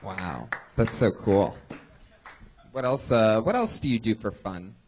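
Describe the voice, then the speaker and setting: A man's voice: on the low side, expressive, slow pace, darkish tone, a little hiss or hum, rough recording. A man hosting a live comedy podcast on a club stage, bantering and hyping up guests. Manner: hype-man introductions, swearing. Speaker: host.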